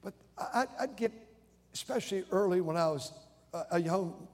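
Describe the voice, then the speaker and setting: This older pastor has a high, slightly mellow voice with lively intonation and a normal pace. He preaches conversationally like a storyteller, stammering and restarting often, and the sound carries long hall reverb.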